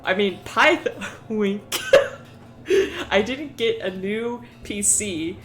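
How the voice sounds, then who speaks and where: A woman's voice: medium pitch, lively intonation, drawn-out words, a bit bright, faint music behind. A woman streaming casually, rambling about her worldbuilding with frequent laughter and swearing.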